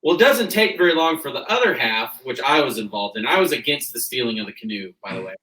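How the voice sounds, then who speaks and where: A young man from Kansas telling a rowdy story, animated and laughing as he goes, acting out what others said. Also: medium pitch, quick pace. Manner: animated, laughing through the tale, acting out quotes. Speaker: guest, rodeo cowboy. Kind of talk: casual storytelling. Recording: roomy sound from a distant mic.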